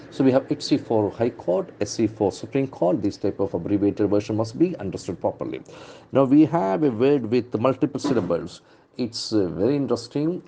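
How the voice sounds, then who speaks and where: A man's voice: medium pitch, dark tone, slight background noise. A man teaching English vocabulary from the newspaper, repeating words and stressing their syllables. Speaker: English trainer.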